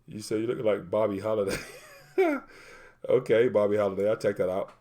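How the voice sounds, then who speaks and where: A man's voice: on the low side, fairly even intonation, fairly quick, warm tone. A man hosting a casual livestream, reading viewer comments aloud and rambling while he looks things up. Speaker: livestream host.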